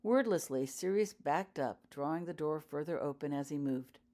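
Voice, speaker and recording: A woman reading her own story aloud as an audiobook, in a measured storytelling manner. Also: sits low, warm tone. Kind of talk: audiobook narration.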